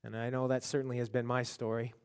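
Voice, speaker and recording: A man's voice: medium pitch, flat delivery, clean tone. Man preaching in an echoing hall. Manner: halting, repeats words, builds in intensity. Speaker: pastor. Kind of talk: sermon storytelling.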